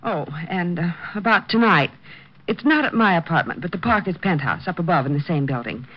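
A woman's voice: fairly low pitch, expressive, a little fast. A fretting young girlfriend. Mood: fretful. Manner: fretful, clingy. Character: fussy, doting young girlfriend. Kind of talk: 1940s radio acting. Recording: muffled old radio broadcast.

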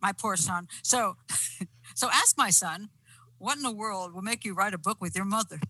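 An older woman, a guest author on a podcast, talking bluntly and teasing with a quick laugh. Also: medium pitch, bright, forceful tone, breathy edge, poor audio. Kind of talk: casual interview chat.

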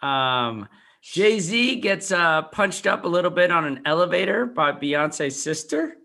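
Bright-voiced man hosting a chat. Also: on the high side, animated, measured pace, creaky. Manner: runs the segment, reads out items and asks questions. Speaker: podcast host. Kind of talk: casual chat.

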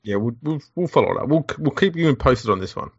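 Dry sarcastic Australian podcast host. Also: male voice, medium pitch, animated, fast talker, breathy edge, no echo. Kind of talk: casual banter, reading listener questions. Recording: dull lo-fi audio.

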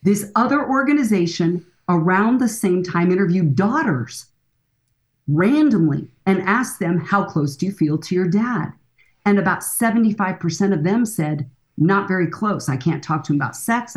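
Woman in her sixties, counselor, earnest and emphatic, slightly low voice, podcast interview. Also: darkish tone. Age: 60s. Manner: earnest, emphatic, speaks directly to dads. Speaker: counselor and author, guest.

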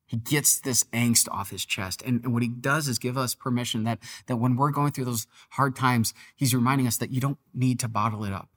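A man's voice: medium pitch, a bit bright. A man preaching a devotional sermon on a podcast, talking earnestly and conversationally, sometimes reading with dramatic emphasis. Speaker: pastor.

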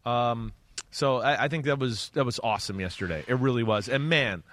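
A former player co-hosting a sports talk show, speaking in a loose, animated way. His voice is mid-pitched and recorded close and dry. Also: brisk, no echo.

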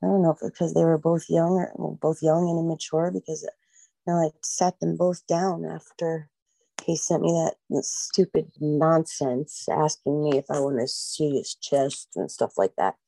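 A middle-aged American woman with an American accent, the mother of a missing girl, rambles emotionally as a guest in an interview, acting out quoted voices and filling with "like" and "you know." Her voice sits low, creaky and dark, with fairly even intonation at normal speed and no echo.

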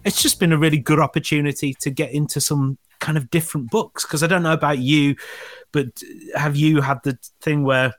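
Rambling podcast host, dry sound. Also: male voice, on the high side, steady tone, brisk, dry recording. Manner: rambling, self-mocking, many fillers. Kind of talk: casual chat with ad reads.

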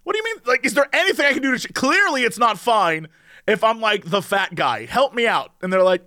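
A young man co-hosting a casual podcast, telling comic stories and doing quick impressions of the people he quotes. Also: high-pitched, very animated, bright, forceful tone, no room sound, studio quality. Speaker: podcast co-host.

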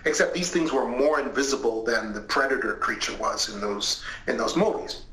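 A middle-aged man, a guest on an interview show, retelling an eerie account in an animated way and acting out what people said. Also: medium pitch, normal speed. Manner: animated retelling with lively acted quotes. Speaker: guest, retired investigator. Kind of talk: storytelling in an interview. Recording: roomy echoing sound.

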